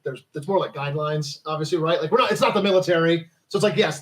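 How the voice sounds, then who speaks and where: A man's voice: fairly high pitch, quick pace, a bit bright. A man co-hosting a casual chat, rambling with lots of fillers.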